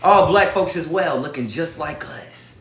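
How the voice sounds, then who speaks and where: Emphatic high-voiced man in an echoey room. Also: a little slow, a bit bright. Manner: emphatic, preachy, addresses viewers as y'all. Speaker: vlogger. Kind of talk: casual direct-to-camera talk.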